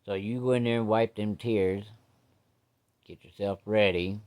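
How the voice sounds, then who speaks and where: A man voicing a blustering, hot-tempered working-class father who cusses loudly and makes threats. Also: on the low side, steady tone, a little slow, natural voice. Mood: gruff. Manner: cussing, loud, blustering threats.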